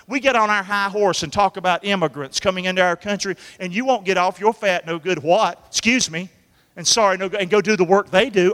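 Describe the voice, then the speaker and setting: A male preacher delivers a folksy sermon, calling back to the congregation and acting out quotes. His voice is high and bright, and it swings widely up and down. The sound carries the long echo of a church hall. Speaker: pastor. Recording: echoey hall.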